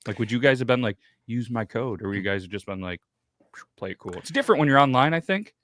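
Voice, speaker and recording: A man's voice: medium pitch, lively intonation, fast talker, fairly bright tone, no room sound. A man in his thirties hosting a podcast, telling rambling, profane stories in casual chat. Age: 30s. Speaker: podcast host.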